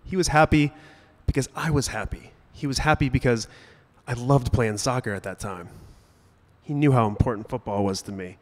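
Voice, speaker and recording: A man's voice: mid-range voice, moderate pace, darkish tone, long reverb tail. Young man telling a personal story on stage. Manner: conversational, with sudden emphatic bursts and comic timing. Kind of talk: personal storytelling to a live audience. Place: stage at a brewery event.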